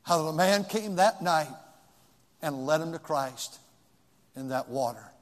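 An older man preaching a sermon, moving between hushed storytelling and shouted pleading questions. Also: on the high side, lively intonation, a little slow. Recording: long hall reverb.

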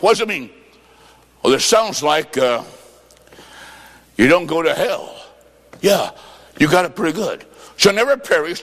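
Gravelly high-voiced preacher guy, animated sermon, echoing in a big church hall. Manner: animated, with sudden shouts and sing-song phrasing. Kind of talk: sermon with storytelling. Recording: long reverb of a large hall.

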